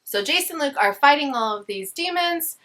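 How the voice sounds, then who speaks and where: A woman's voice: high voice, lively intonation, normal speed, bright, forceful tone. A young woman casually summarizing a novel in a chatty, sarcastic way with slangy asides. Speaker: book vlogger.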